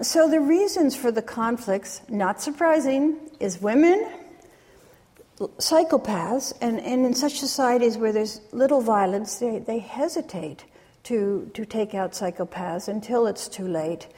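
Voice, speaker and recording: Woman lecturer, higher register, calm academic storytelling in a reverberant hall. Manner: measured, retelling stories with pauses. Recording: long reverb of a large hall.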